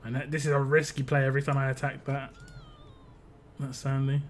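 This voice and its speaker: A man's voice: mid-range voice, completely flat delivery, fairly quick, a little hiss or hum. A man from the United Kingdom hosting a live game stream, chatting casually with viewers in a rambling, self-interrupting way. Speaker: live-stream gaming host. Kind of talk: casual chat while playing a game.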